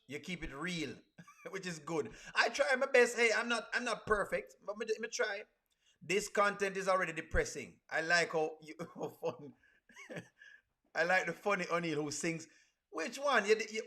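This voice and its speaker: A man's voice: high voice, lively intonation, moderate pace, pushed and bright. A man hosting a casual livestream, reacting to clips and reading chat aloud with a playful manner and frequent laughter. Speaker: reaction streamer.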